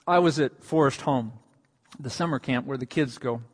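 A male pastor preaching a sermon. His voice swells to emphatic peaks on quoted lines and sinks soft and low when he speaks of his own need. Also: normal speed, big-room sound. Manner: rises to emphatic, raised delivery on quoted lines, then drops soft and low.

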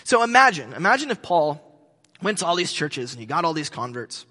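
A pastor preaching a sermon in a conversational way, with joking asides. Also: male voice, on the high side, sing-song, fairly quick, pushed and bright, long reverb tail.

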